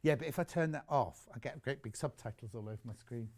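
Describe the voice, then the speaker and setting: A man's voice: medium pitch, quick pace, darkish tone. A British man presenting live on a shopping channel, chatty and rambling as he sells sewing goods. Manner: chatty, rambling, reads out viewer messages.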